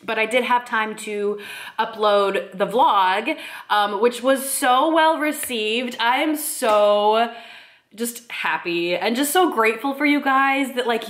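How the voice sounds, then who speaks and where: A woman's voice: fairly high pitch, a bit bright. A young pregnant woman in a casual vlog, chatting with many fillers and frequent laughs. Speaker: vlogger.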